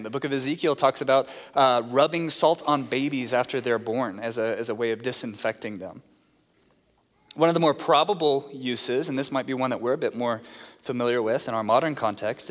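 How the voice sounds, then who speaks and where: A man preaching a sermon to a congregation, explaining a scripture passage in an earnest teaching tone and asking the listeners questions. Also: medium pitch. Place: church sanctuary. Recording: reverberant hall.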